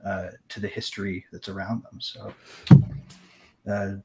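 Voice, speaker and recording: A man's voice: deep voice, flat delivery, a little slow, a bit bright, a little hiss or hum. A male host wrapping up a casual show with loose, punchy talk and some swearing. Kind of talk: casual podcast hosting.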